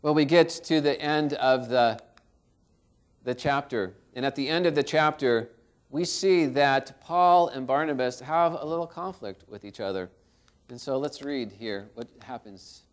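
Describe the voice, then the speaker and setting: A man preaching a sermon as pastor, telling a story and swinging between loud and soft. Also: medium pitch, unhurried.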